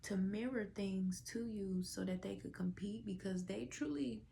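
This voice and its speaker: A woman's voice: medium pitch, moderate pace, gravelly, mellow, slight background noise. A woman giving a casual tarot reading to viewers, with a stuffy nose, drawling through fillers and dropping into whispers. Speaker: tarot reader.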